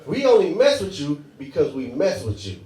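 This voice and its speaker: A man's voice: a little high, very animated, normal speed, dark tone. A man doing a stand-up comedy set on a club stage, loose and chatty, laughing at his own jokes. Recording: echoey club, mic at a distance, crowd.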